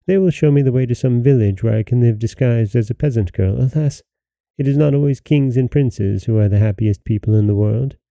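A man reading a young princess's lines in a gently pleading, lamenting way, with a dark, gravelly voice in a dry recording. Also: mid-range voice, fairly quick, dry recording, close to an everyday voice. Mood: weary.

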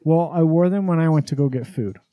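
A man's voice: on the high side, a little fast, dark tone, no room sound, faint music behind. A middle-aged man co-hosting a podcast, telling a family story in a boastful, profane way and acting out both sides of a conversation. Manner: boastful, swears freely, acts out dialogue. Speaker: podcast co-host. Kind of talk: casual storytelling chat.

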